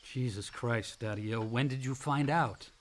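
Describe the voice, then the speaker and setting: An actor playing George, a short-tempered, protective brother in a radio drama, blunt and curt. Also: male voice, mid-range voice, unhurried, slight background noise, close to an everyday voice.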